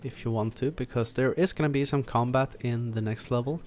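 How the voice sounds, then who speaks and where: A man's voice: medium pitch, a little fast. Laid-back man narrating gameplay. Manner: relaxed, chatty, chuckling asides. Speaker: gaming channel host. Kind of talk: casual gameplay commentary.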